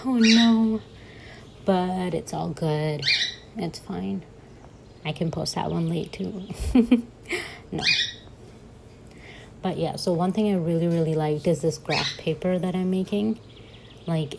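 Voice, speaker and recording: A woman's voice: lowish voice, fairly even intonation, a little slow, vocal fry, pauses often, noisy background. A young woman chatting casually in a voice-over while she sets up her journal, giggling and joking at herself as she goes. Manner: chatty and giggly, self-mocking asides. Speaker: bullet journal vlogger.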